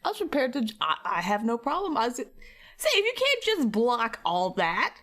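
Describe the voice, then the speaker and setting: A woman's voice: fairly high pitch, huge pitch swings, moderate pace, fairly bright tone. A woman art streamer chatting casually and teasingly with her viewers while painting, laughing often and fighting a slight cough.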